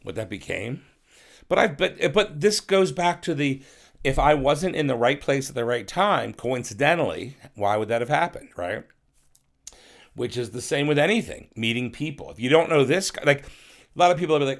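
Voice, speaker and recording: Gravelly middle-aged man telling stories. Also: medium pitch, animated, moderate pace. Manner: profane, rambling storyteller who acts out others' voices. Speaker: podcast guest. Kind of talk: casual storytelling interview.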